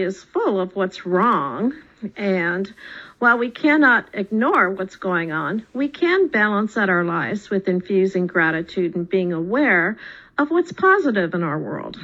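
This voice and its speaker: Cheerful lively woman radio host. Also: medium pitch, dull audio. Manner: cheerful, laughs often. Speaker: talk show host and yoga teacher. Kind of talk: radio talk show hosting and reading aloud.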